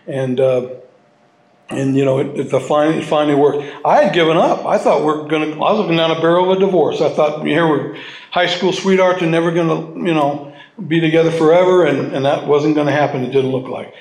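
Gravelly man, halting heartfelt testimony. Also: a little high, steady tone, a little mellow. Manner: halting and heartfelt, full of restarts and repeated words. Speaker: speaker sharing his story at a recovery meeting. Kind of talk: personal testimony to a live audience. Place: meeting hall with audience. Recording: roomy hall sound.

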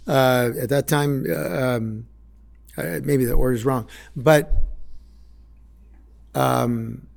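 A man's voice: mid-range voice, fairly even intonation, takes it slowly, creaky. A middle-aged man candidly telling a raw personal recovery story, blunt and unpolished, acting out what people said. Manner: blunt, raw storytelling with swearing and reenacted quotes. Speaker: speaker sharing a recovery story.

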